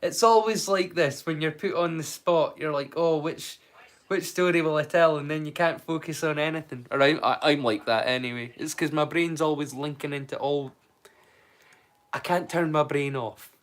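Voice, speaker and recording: A man's voice: fairly high pitch, steady tone, moderate pace, fairly bright tone. A man hosting a live storytelling stream, chatting casually and thinking aloud with frequent restarts. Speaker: storyteller host.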